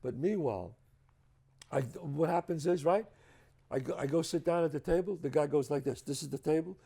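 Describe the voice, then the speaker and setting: New York man telling stories, mellow voice. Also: a little high, fairly quick, vocal fry, slightly rough. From the Bronx, New York. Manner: emphatic, profane, acts out other people's lines. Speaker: guest. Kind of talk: animated storytelling. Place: at a home.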